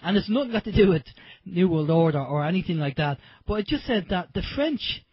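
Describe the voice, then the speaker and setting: Irish male radio host, husky higher voice, dry dull lo-fi sound, chatty and rambling. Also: lively intonation, a little fast, no room sound. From Ireland. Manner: chatty, rambling, many fillers. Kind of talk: casual radio talk.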